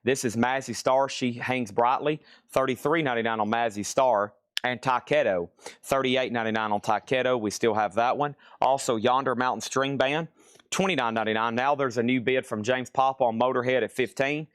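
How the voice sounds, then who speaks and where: A man runs a live-stream record auction, moving quickly from item to item with wry jokes mixed in. His voice sits at an ordinary middle pitch, and the recording is dry and close with little room sound. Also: fairly even intonation, fairly bright tone, smooth, no echo. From Tennessee. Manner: brisk item-by-item patter with wry asides. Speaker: live record sale host.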